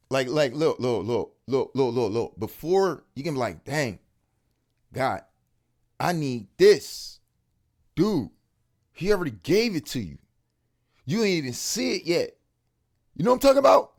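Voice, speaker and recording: A man giving an excited, casual faith testimony to camera, full of street slang and repeated words for emphasis. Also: medium pitch. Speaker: religious video speaker.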